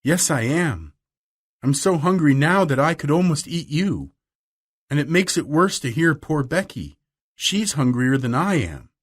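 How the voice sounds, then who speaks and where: A man voicing a bold, clever young girl in an audiobook, raising his voice high and speaking with eager emphasis. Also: big pitch swings, measured pace, exaggerated voice. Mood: upset. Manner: raised pitch, eager and emphatic. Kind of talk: audiobook reading.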